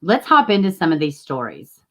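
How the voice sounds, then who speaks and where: A woman's voice: low voice, very animated, normal speed, a bit bright. A woman, casually chatting with viewers as a livestream host and greeting them by name. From Tennessee, US.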